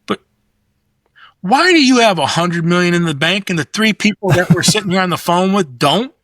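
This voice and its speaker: A middle-aged man chatting as a podcast guest, rambling and profane as he tells animated stories. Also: high voice, normal speed, no room sound. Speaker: guest designer. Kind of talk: casual podcast chat.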